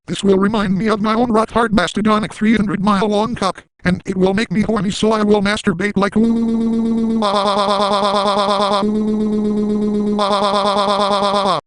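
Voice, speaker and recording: A man's voice: high voice, level tone, brisk, few pauses, no echo, natural voice, rough recording. A man voicing a crude, manic cartoon dad in an absurd parody monologue, ranting and making repeated sound-effect noises.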